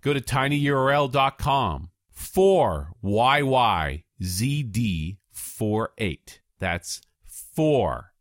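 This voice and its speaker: A man co-hosting a casual podcast, pitching gadget gifts like a salesman and spelling web addresses in the phonetic alphabet. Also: very animated, extremely slow, dry recording, clean studio sound. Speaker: podcast co-host presenting tech gifts.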